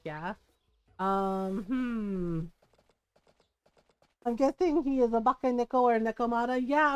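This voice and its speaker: A woman streams a video game, rambling casually and giggling often between remarks. Her voice sits a little high and sounds smooth, with no echo.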